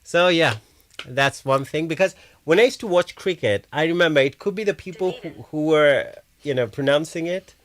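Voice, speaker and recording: A man's voice: a little high, normal speed, fairly bright tone. Chatty male livestream co-host. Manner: chatty, laughs often, frequent restarts. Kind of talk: casual livestream chat.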